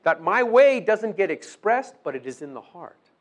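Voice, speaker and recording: A man's voice: high-pitched, sing-song, moderate pace. A man preaching a sermon, asking his listeners questions and acting out quoted prayers. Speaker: pastor.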